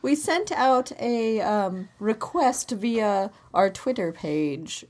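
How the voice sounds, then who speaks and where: A woman's voice: on the high side, lively intonation, slow, a little mellow. Earnest woman podcast host explaining. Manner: earnest, explains at length with many restarts; dry, mildly exasperated with her partner's jokes. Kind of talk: casual chat.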